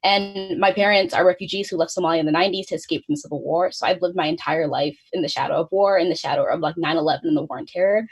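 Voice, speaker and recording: A woman's voice: fairly low pitch, slightly rough, poor audio. A young woman in her twenties from the United States, a student organizer giving an earnest prepared speech on a webinar. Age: 20s. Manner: fast, earnest delivery read from notes.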